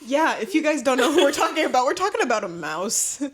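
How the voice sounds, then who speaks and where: A woman's voice: sits high, big pitch swings, fast talker. A young woman co-hosting a podcast in a studio, chatting casually and laughing often. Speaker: podcast co-host. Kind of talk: casual chat. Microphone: studio mic.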